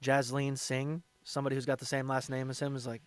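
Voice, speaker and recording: A man's voice: mid-range voice, flat delivery, quick pace, smooth. A man giving blunt, scornful reaction commentary with crude language.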